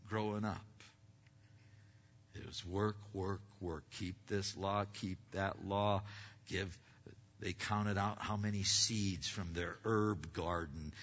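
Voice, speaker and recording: A man's voice: on the low side, a bit bright, husky, big-room sound, lo-fi sound. A man preaching a sermon as pastor, often asking the congregation questions and using many "uh" fillers.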